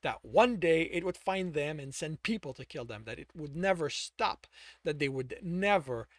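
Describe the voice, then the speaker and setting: A man's voice: fairly high pitch, expressive, moderate pace, no echo. A man reading his own novel aloud, now and then stopping to correct the text. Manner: stops to correct and comment on the text. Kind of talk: reading aloud while proofreading.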